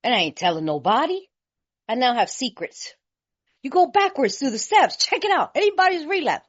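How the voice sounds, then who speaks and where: A woman from California speaking at a recovery meeting, telling her story in a lively, colloquial way and laughing often. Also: high voice, moderate pace. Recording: slightly muffled lo-fi recording.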